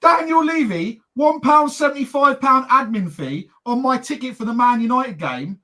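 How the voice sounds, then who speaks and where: Guy with a kinda high voice telling stories and ranting on a podcast, chatty. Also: animated, bright, forceful tone. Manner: storytelling, ranting, quick and chatty. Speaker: podcast co-host. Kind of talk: casual chat.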